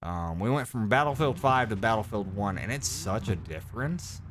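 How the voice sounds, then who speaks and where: A man's voice: on the low side, moderate pace, slight background noise. Stuffy, sore-throated man streaming games. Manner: rambling, animated, self-interrupting. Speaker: live game streamer. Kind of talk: casual late-night stream chat. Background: game music.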